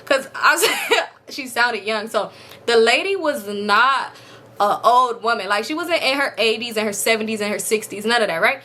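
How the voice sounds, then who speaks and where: A young woman with a bright, high-ish voice recounts a story to her viewers in a casual vlog. She swears freely and acts out every line of dialogue. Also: normal speed. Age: 20s. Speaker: storytime vlogger.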